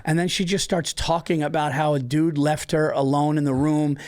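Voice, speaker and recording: A man hosting a comedy podcast, telling stories with lively acted-out quotes. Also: on the high side, normal speed. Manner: animated storytelling, acts out quotes. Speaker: podcast host. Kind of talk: casual comedy podcast chat.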